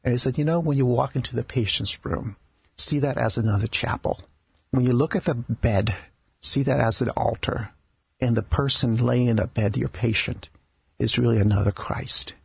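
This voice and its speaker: Husky, gravelly-voiced man telling stories. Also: medium pitch, dry recording. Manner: halting, with many restarts and repeated words. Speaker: palliative care doctor, guest. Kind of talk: conversational storytelling interview. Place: radio studio.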